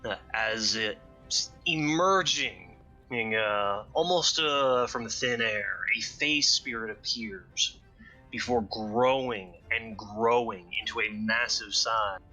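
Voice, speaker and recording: A man with a very bright, sharp-edged voice and a fairly low pitch, playing his character in a tabletop game. He sounds relaxed and thinks aloud, filling pauses as he works out his move. Faint music plays in the background. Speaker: player.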